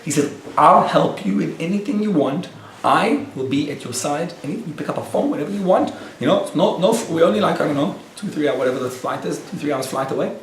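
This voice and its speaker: A man who is a rabbi tells a story to a live audience in a lively way and acts out the dialogue. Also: on the high side, fast talker, a little hiss or hum. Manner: animated storyteller acting out quoted dialogue. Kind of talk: storytelling lecture. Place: lecture room with a live audience. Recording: echoey room, picked up from a distance.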